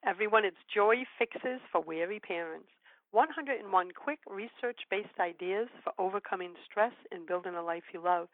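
An older woman hosts a radio talk show, chatting gently and telling stories in an encouraging way. Her voice comes through a thin, phone-like line with no room sound around it. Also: lowish voice, dry recording. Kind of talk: casual interview chat.

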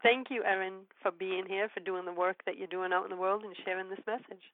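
Older lady radio host, gentle storyteller, sounds like she's on the phone, super dry. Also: medium pitch, fairly even intonation, fast, dry recording. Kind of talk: casual interview chat. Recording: tinny phone-line sound.

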